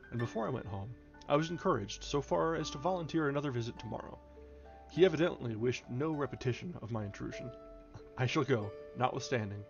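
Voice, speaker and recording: A man reading a classic novel aloud on a stream, at a measured pace with occasional stumbles and restarts. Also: mid-range voice, creaky, muffled recording. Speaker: reader, streamer.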